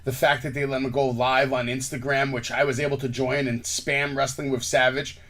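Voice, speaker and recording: A man hosting a casual wrestling podcast, recapping a show with lively, shifting delivery and handing off to his co-host. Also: medium pitch, a little fast. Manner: animated, recaps show events and asks co-host for grades.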